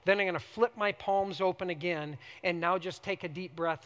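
High-voiced pastor preaching in a hall. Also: male voice, normal speed, hardly any pauses, a little hiss or hum. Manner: animated, leaps between loud emphasis and hushed prayerful tones. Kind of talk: sermon.

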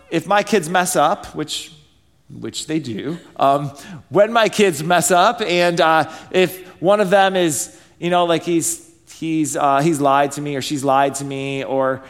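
Man, thirties, pastor, high-ish voice, chatty sermon delivery with rhetorical questions. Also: a bit bright. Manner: conversational, many fillers and rhetorical questions.

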